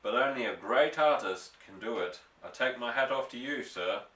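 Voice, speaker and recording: A man voicing a steady, plain-spoken father. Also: medium pitch, moderate pace, far from the mic. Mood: calm. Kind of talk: storybook reading aloud. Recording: echoey room, voice off-mic.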